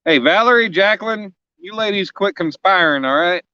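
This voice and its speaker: Joking man streaming live, bright voice. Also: high-pitched, expressive, moderate pace, smooth, no echo, lo-fi sound. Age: 40s. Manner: joking, rambling, teasing the chat. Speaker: fishing vlogger streaming live. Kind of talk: casual live-stream chat. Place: outdoors on a riverbank.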